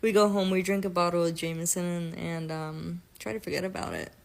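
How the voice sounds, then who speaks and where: A woman's voice: on the low side, lively intonation, a little fast, creaky, a little mellow. A woman from Florida telling a casual storytime, blunt and full of profanity. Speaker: TikTok storyteller.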